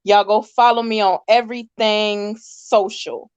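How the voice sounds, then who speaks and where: A woman's voice: mid-range voice, fairly even intonation, a little slow, clean tone, no room sound. A woman guests on a live podcast, teasing the host playfully before plugging her own show. Her voice sounds dry and close, with no room in it. The audio is muffled and lo-fi. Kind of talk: casual live-stream chat.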